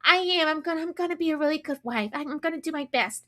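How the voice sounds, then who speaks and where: An excitable woman co-hosting a live recap with a very high, bright voice. She laughs easily as she tells the story. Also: fast talker.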